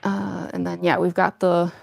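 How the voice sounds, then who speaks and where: A young woman cosplayer with a lowish voice and vocal fry speaks at a normal speed in a level tone. As she gets into costume on a livestream, her casual chat rambles with many fillers and self-deprecating jokes, and costume fangs give her a slight lisp.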